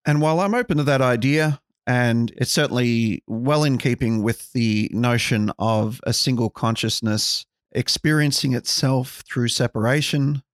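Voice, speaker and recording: A man's voice: medium pitch, normal speed, hardly any pauses, no room sound, clean studio sound. Wry man musing on a podcast. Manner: wry, musing, sarcastic asides. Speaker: podcast host. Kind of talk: casual podcast monologue.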